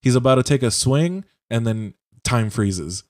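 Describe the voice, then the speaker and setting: A man's voice: medium pitch, animated, unhurried, dry recording, clean studio sound. A young man in casual chat on a voice call, rambling through a video game plot with swearing and lots of fillers. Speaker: podcast co-host. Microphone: home mic on a voice call.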